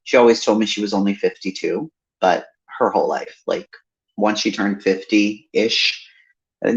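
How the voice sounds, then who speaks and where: A woman chatting on a livestream, cursing freely and laughing as she spins family stories. Her voice is gravelly with lots of vocal fry, and it rises and falls animatedly. The audio is muffled and lo-fi, like a video call. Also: extremely low pitch, lively intonation, moderate pace. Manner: swears freely, laughing storyteller. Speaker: livestream host. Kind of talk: casual chat. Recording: dull lo-fi stream audio.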